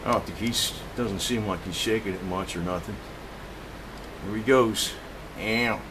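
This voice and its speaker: A man's voice: on the low side, a little slow. Man, casual home video, rambling, profane, chatting to his cats, faint air conditioner hum. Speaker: home DIY vlogger. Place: indoor home room.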